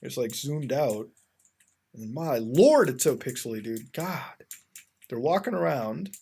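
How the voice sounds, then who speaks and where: A man hosting a casual web-browsing commentary. He rambles and sounds exasperated, fills his talk with "like" and restarts, and addresses his audience as ladies and gentlemen. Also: medium pitch, very animated, measured pace, creaky, husky. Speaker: host.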